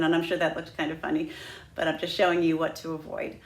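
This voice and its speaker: A woman's voice: sits low, monotone, fast, roomy sound, soft background music. A woman teaching a flute lesson, patient and demonstrative, walking students through each step. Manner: patient, demonstrative, breaks into sung "ha ha" drills. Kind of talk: instructional lesson.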